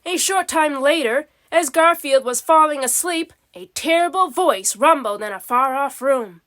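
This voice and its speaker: A woman reading a children's storybook aloud, slow and expressive. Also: high-pitched. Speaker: storybook reader. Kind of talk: storybook narration.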